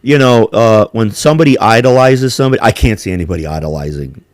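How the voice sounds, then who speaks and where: Lively New host, profane and rambling, dry close mic. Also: male voice, fairly low pitch, fast talker, no room sound. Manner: profane, rambling, animated with put-on quotes. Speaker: podcast host. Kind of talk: casual chat.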